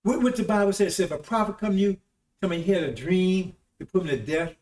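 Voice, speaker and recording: Brisk and high-voiced, with a darkish tone, the man hosts a broadcast and delivers a loose, meandering sermon. He often leans on "See?" and "Right?" to check in with listeners, while the audio carries a roomy echo and the mic sits far from him.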